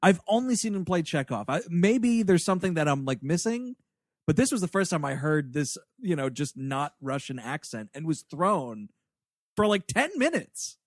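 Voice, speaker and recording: A man co-hosting a movie review podcast in casual chat, telling the plot with animated asides and quick acted-out lines. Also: on the high side, dry recording, studio quality. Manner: animated storytelling, acts out characters in quick asides. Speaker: podcast co-host.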